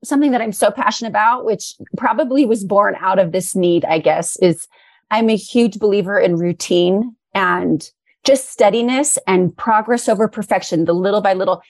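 A woman's voice: medium pitch, moderate pace, dry recording. A middle-aged woman talking earnestly and with feeling as an interview guest, a little emotional at times. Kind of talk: interview conversation.

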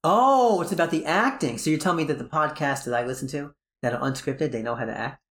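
A man's voice: medium pitch, fast, fairly bright tone. A podcast host with a New York accent, chatting casually, rambling and joking as he keeps correcting himself. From New Jersey, US.

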